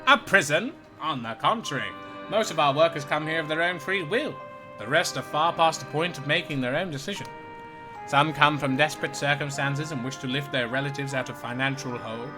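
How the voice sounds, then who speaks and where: A man's voice: a little high, brisk, over music, lightly acted. A man voicing a pompous, theatrical male doctor with grand, formal manners, reading game dialogue aloud. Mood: grandly courteous.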